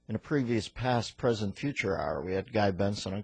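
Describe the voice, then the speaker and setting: A man hosting a radio talk show, firing off quick wisecracks and pop culture jokes in casual banter from the studio. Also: lowish voice, animated, vocal fry, a little mellow, husky, dry recording. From United States. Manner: rapid-fire wisecracks and pop culture riffs.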